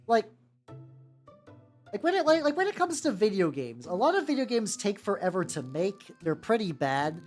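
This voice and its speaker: A young American woman, a VTuber, paints miniatures on a livestream while chatting casually, rambling with lots of restarts, fillers and casual swearing. Her mid-range voice is very animated, a little mellow and moderately paced, with faint music in the background.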